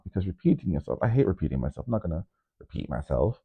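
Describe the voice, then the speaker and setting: A man with a deep, low voice talks through his vlog in a loose, rambling way, nervous in front of the camera. He keeps breaking into sudden high, loud bursts before dropping back down. The sound is thin and narrow, like a phone line. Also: very animated, fast, vocal fry, husky. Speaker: DJ and vlogger. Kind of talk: casual vlog monologue. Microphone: microphone.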